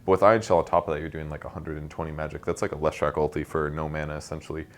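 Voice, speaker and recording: A man giving casual esports game analysis, explaining tactics quickly with lots of fillers. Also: a bass voice, flat delivery. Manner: fast, knowledgeable, explaining tactics with many fillers.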